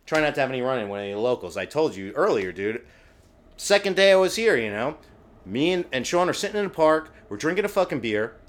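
A loud, excitable man from New Jersey tells stories on a podcast, cursing freely as he goes. He talks at a rapid clip, and his pitch swings widely as he gets worked up. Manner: loud, excitable, swears a lot. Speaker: podcast guest, comic book artist. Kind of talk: casual chat.

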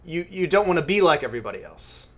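A man chatting casually about a film with a co-host, in a voice a little higher than most men's. He is chatty, laughs easily and keeps the conversation moving with questions. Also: sing-song, fast. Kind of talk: casual film review chat.

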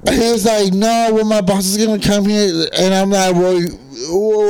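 A young woman in casual chat among friends, telling a story in an animated, profane way. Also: medium pitch, normal speed, hardly any pauses.

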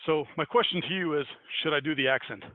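A man's voice: fairly high pitch, fast talker, dry recording. An American man hosting a podcast in casual chat, rambling and laughing at himself as he retells a folktale. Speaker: podcast host. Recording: tinny phone-like dry sound.

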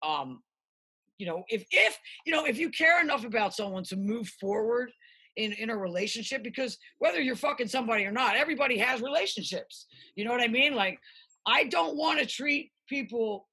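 A woman's voice: fairly high pitch, fairly quick, husky. A middle-aged woman from the United States, a musician telling stories in a casual interview, rambling and swearing freely. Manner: rambling, profane, animated storytelling.

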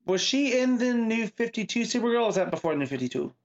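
A man co-hosting a comic book podcast, chatting in a relaxed, agreeable way. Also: sits high, fast, dull audio. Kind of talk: casual chat.

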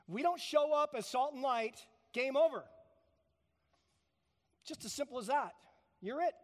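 A man's voice: very high-pitched, animated, a little slow, long pauses, long reverb tail. A man preaching a sermon, emphatic, repeating key phrases for stress. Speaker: pastor.

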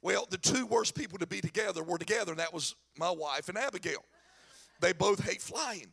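A middle-aged man preaching a sermon in a church, telling stories with animated, shouted emphasis. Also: high voice, fairly quick, vocal fry, breathy edge. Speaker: pastor.

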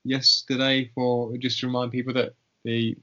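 A man's voice: mid-range voice, completely flat delivery, normal speed, bright, forceful tone. A man hosting a podcast in casual chat, hesitant and full of fillers. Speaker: podcast host. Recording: dull lo-fi recording.

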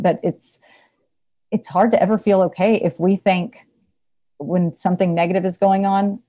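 A woman's voice: lowish voice, mellow. A woman in casual conversation, talking reflectively with many fillers and frequent laughs.

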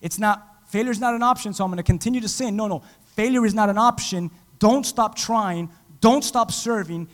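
A man preaching a sermon as pastor, dramatic, swinging from loud to hushed and acting out quotes. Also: high voice, moderate pace, in a large hall. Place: church.

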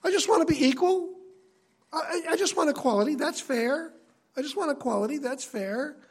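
A man's voice: extremely high pitch, brisk, pitched above the performer's own voice. A man mimicking a whiny rebel. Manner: whining, pleading. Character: whiny male rebel demanding equality.

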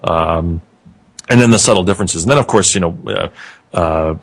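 A very low-pitched man talks in a relaxed, thoughtful way, circling back and restarting phrases as he builds his point. The sound is dry and close, with no room around it. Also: normal speed, gravelly, no echo. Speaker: podcast host being interviewed. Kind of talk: casual conversation.

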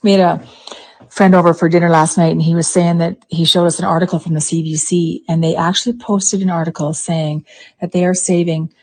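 A Canadian woman with a fairly low, darkish voice is in a heated casual conversation. Indignant, she rushes breathlessly through retelling a story.

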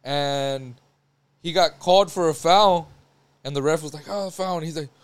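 A man's voice: on the high side, normal speed. A man co-hosting a casual podcast chat, telling stories full of swearing and laughter. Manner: profane storytelling, laughs often. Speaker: podcast co-host.

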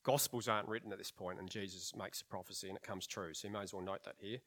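A man preaching a sermon to his congregation. He talks in a lively, conversational way and slips in dry, humorous asides. He also leans on rhetorical questions. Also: on the low side, quick pace. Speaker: pastor.

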